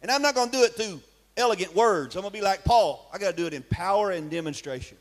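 A male preacher, speaking in a voice pitched high for a man. He preaches emphatically in church and keeps asking his congregation questions. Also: fast. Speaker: pastor. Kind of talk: sermon.

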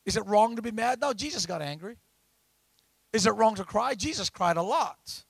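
A man preaching a sermon, often asking the congregation questions and rising to loud emphatic lines. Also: high voice, lively intonation, normal speed, creaky, slightly rough, dry recording. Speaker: pastor.

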